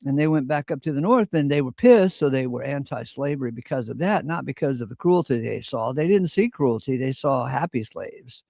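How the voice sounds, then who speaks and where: Gravelly man, opinionated. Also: mid-range voice, lively intonation, a little fast, hardly any pauses, darkish tone, no room sound, studio quality. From Virginia. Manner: opinionated storyteller, clears throat often. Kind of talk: casual chat.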